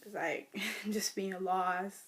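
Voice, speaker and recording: A young American woman, talking casually to camera about her life, swinging between loud mimicry and near whispers. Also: slow. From United States. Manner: animated storytelling, mimics others in loud high voices, drops to near whispers. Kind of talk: casual vlog rant. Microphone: phone or webcam.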